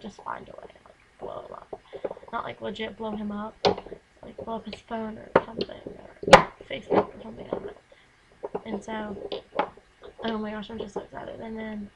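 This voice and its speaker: A woman's voice: on the high side, creaky, very noisy. A teenage girl, rambling in a casual vlog from her bedroom, filling her talk with "like", recorded on a camera mic. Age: teens. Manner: chatty, rambling, lots of "like". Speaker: vlogger.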